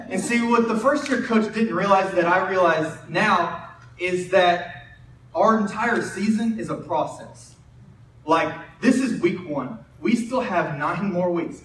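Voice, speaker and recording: High-pitched young preacher in an echoey hall. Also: male voice, normal speed, a little hiss or hum. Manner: conversational, self-interrupting, animated storyteller. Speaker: preacher and high school football coach. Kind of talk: sermon with storytelling. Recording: roomy distant mic in a hall.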